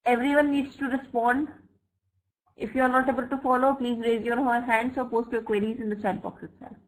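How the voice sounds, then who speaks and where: Woman, online grammar teacher, slightly high voice, slow examples, keeps asking "right?". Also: level tone, rough recording. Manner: checks understanding with frequent "right?" and "fine?"; slow, deliberate example sentences. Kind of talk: online English grammar lesson. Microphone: computer mic for a web class.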